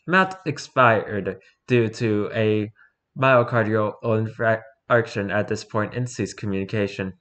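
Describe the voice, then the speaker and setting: A man reading a horror document aloud in an even, report-like narration. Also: on the low side, takes it slowly. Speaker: reader.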